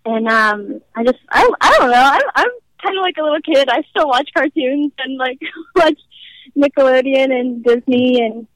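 A woman's voice: high-pitched, normal speed, a bit bright, dry recording, poor audio. A bubbly young woman from Nashville, a guest actress chatting in an interview, giggling often and saying "like" a lot. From Nashville, American South. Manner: bubbly, giggly, heavy use of "like". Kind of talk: casual interview chat.

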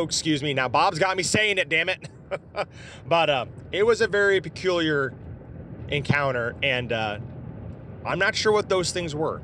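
A man's voice: a little high, expressive, measured pace, sharp tone, a little hiss or hum. A man from southeast Iowa casually telling a personal encounter story in a rambling, informal way, with fillers and the odd curse word. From southeast Iowa, USA.

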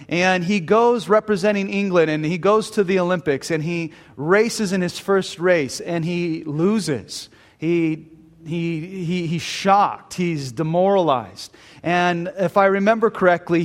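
An earnest male preacher delivers an emphatic sermon at a men's retreat. His voice sits fairly high, and he often restarts mid-sentence. A long hall reverb trails his words.

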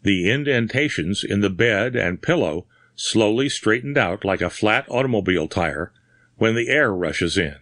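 A man narrating a horror story in a measured, dramatic reading. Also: fairly low pitch, expressive, a bit bright, no room sound, clean studio sound. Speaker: audiobook narrator. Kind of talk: scripted narration.

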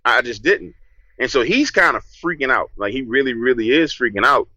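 A man, a podcast guest telling a story in a casual, lively way and acting out what he said back then. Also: medium pitch, fairly quick, no room sound, lo-fi sound. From New Orleans, USA. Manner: lively, acts out his own past lines.

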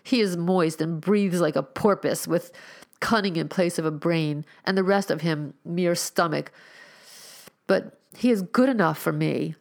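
A woman's voice: on the low side, gravelly, darkish tone. Woman reading as a bitter, petulant young girl. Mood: vehement. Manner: quick, vehement speech.

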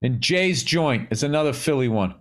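A man's voice: medium pitch, animated, moderate pace. A man co-hosting a podcast, chatting casually with wisecracks and swearing. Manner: wisecracking, profane. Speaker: podcast co-host. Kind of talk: casual chat.

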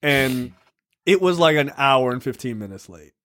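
A man's voice: medium pitch, lively intonation, moderate pace, fairly bright tone, no room sound, studio quality. Laid-back cursing podcast host, man. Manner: profane, laid-back, rambling with fillers. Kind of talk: casual chat.

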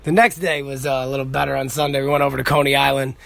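A man's voice: mid-range voice, level tone, very fast, vocal fry, a bit bright. A man, hosting a casual podcast monologue and telling rambling, profane stories. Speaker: podcast host.

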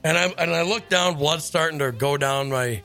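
A man hosting a radio show, telling stories in a lively casual chat and laughing often. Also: on the high side, moderate pace, creaky, faint music behind. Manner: animated storyteller, laughs often. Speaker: radio host.

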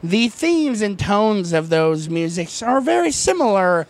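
A man's voice: big pitch swings, unhurried. A man co-hosting a podcast in casual, profane chat, rambling through stories and acting out the people in them. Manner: rambling, profane, acts out quoted people in high voices. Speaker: podcast co-host.

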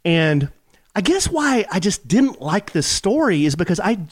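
A man's voice: sits high, a little slow, no room sound, studio quality. A man co-hosting a casual chat podcast, his voice swinging widely up and down as he talks. He speaks with fired-up, passionate conviction, building his point with emphasis. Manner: fired-up, animated opinions. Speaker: podcast co-host.

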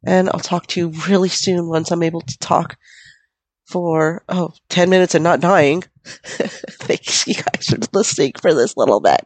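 A young woman hosting her podcast while sick, hoarse and coughing, rambling casually, swearing and laughing at herself. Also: lowish voice, a little slow, darkish tone, dry recording, rough recording. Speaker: podcast host. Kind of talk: casual chat.

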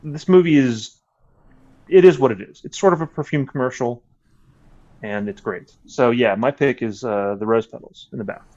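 A man's voice: medium pitch, normal speed, darkish tone. Guest: adult man, loose rambling talker, curses freely, dull recording. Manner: rambling, swears a lot, many restarts. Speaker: podcast guest. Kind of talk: casual chat.

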